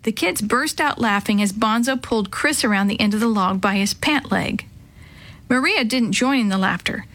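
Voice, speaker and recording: A woman's voice: medium pitch, moderate pace, fairly bright tone. A woman narrating a children's story aloud, acting out the children's dialogue with expression.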